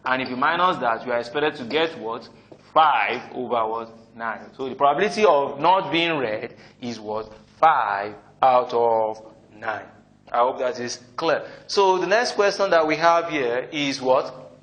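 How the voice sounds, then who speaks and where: A man's voice: mid-range voice, a little slow, a bit bright. A man teaching probability, who keeps asking "what?" and then answers himself. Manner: keeps asking the class "what?", answers his own questions. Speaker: math teacher. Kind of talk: classroom lecture. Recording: echoey room, voice slightly distant.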